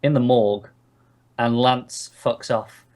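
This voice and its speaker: A man co-hosting a relaxed TV review chat. He is a little drunk and speaks with wry humor. He swears freely when he complains. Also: medium pitch, takes it slowly. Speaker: co-host.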